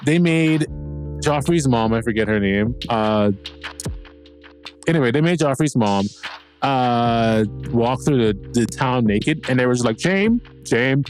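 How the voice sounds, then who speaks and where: Animated profane man recapping a show. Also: fairly high pitch. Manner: rambling, profane, animated, acts out characters' lines. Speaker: podcast host. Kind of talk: casual episode recap.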